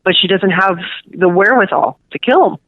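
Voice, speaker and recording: A woman's voice: medium pitch, fairly quick, no room sound. A middle-aged woman with a Cuban New Yorker accent, chatting as a guest author in a rambling way, full of fillers. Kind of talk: casual interview chat. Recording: tinny phone line.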